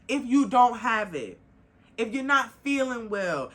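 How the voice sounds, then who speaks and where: A young woman hosting a podcast, talking bluntly and emphatically in a casual monologue, swearing freely and rising in heat before calming herself. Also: fairly high pitch, a little slow. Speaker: podcast host.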